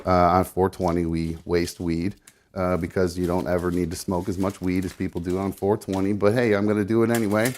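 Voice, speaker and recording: Man, low-pitched, casual live-stream rambler, profane, self-narrating, slightly breathless. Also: level tone, a little fast, darkish tone, a little hiss or hum. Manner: rambling, swearing, self-narrating while rolling. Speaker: live show guest rolling a blunt.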